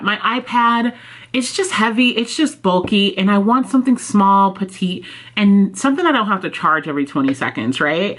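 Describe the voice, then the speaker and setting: A woman book vlogger chatting casually and excitedly at home. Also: mid-range voice. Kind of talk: casual vlog chat. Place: home office, indoors.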